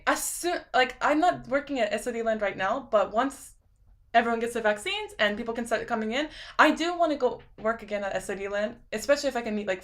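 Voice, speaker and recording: A young woman with a lisp, chatting casually on a live stream and reading viewer comments out loud, rambling with lots of fillers. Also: on the high side. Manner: rambling, filler-heavy, laughs often.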